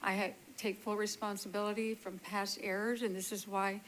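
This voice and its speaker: A woman speaking as an appellant at a public hearing, earnest and apologetic, talking in a hurried way into a meeting-room microphone. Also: mid-range voice, little pitch movement, a bit bright, a little hiss or hum, poor audio. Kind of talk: testifying at a hearing.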